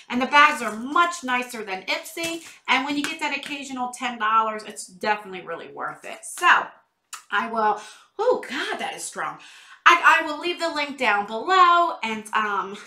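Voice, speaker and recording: A woman's voice: high voice, sharp tone, roomy sound. A woman chatting through a beauty box unboxing in a casual vlog, a little stuffy from a cold. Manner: chatty, exclaiming over products.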